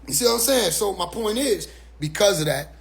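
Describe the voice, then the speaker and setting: Male commentator with a high voice, loose and blunt, keeps looping back to check you follow. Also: animated, fairly quick, gravelly. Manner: rambling, repeats "you see what I'm saying"; blunt, profane street talk. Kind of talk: casual monologue commentary.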